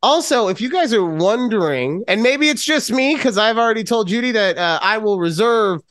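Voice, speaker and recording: A middle-aged man co-hosts a casual podcast over a video call. He is loud and ribbing, and his voice swings widely in pitch. The sound is dry and close. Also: lively intonation, moderate pace, dry recording. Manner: loud, teasing, jumps to high-pitched outbursts. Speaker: podcast co-host. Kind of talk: casual chat.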